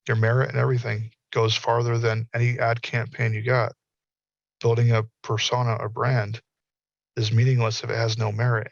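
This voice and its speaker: Middle aged guy on a video call panel, gravelly voice, tells stories and does the quotes, kinda muffled dry audio. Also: medium pitch, no room sound. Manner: candid storyteller, acts out quotes. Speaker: panelist, virtual worlds researcher. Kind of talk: online panel discussion.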